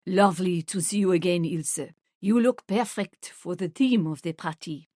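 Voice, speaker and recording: A woman voicing an older, white-haired gentleman who is gallant and good-humoured, in an audiobook. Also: fairly low pitch, moderate pace, no room sound, clean studio sound, natural voice.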